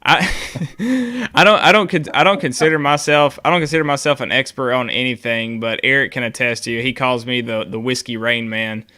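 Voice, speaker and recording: A man's voice: mid-range voice, steady tone, fairly quick, sharp tone, clean tone. A man co-hosting a whiskey talk show, chatting casually and telling rambling stories. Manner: rambling, self-interrupting storyteller. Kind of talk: casual chat.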